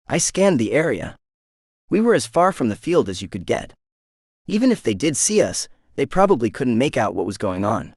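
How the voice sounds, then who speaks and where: Male audiobook narrator, mid pitch, animated melody, very dry close studio sound. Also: moderate pace, no room sound. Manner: expressive, lively reading. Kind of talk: first-person romance audiobook narration.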